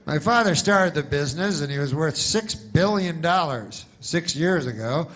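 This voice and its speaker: A man voicing a pushy male insurance pitchman who sells to the very old, in a loud, slow, salesy pitch. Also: expressive.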